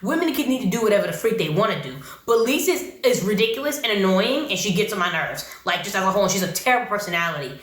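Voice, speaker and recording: Animated blunt woman vlogging in an echoey room. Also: medium pitch, fast talker, hardly any pauses. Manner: animated, blunt and opinionated, slangy. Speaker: YouTube reality-TV reviewer. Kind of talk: casual vlog commentary.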